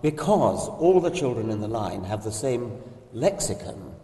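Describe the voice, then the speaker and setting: An older man explains ideas in a measured conversational discussion, restarting a phrase now and then. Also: fairly low pitch, sing-song, mellow. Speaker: discussion guest. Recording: echoey hall, distant mic.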